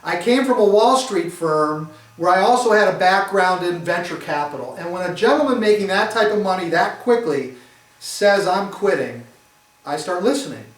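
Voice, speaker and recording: A middle-aged man from Detroit, telling his own story to a live audience in an animated, self-mocking way. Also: high voice, normal speed. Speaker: speaker giving a testimony. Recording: roomy echo, mic at a distance.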